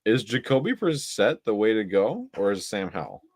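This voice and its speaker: Young man, very deep voice, casual football chat, stat-heavy, excitable, dry close sound. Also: moderate pace, no echo. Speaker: co-host.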